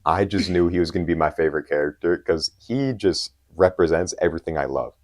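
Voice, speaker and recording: A man's voice: sits low, fairly quick, darkish tone. A young man co-hosting a podcast, talking casually and emphatically as an enthusiastic fan. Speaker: podcast co-host. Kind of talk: casual chat.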